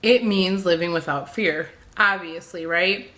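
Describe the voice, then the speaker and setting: A woman's voice: lowish voice, unhurried, fairly bright tone. A young woman talking in an emotional confessional vlog, hesitant and rambling, with many fillers and restarts, near tears. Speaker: beauty vlogger.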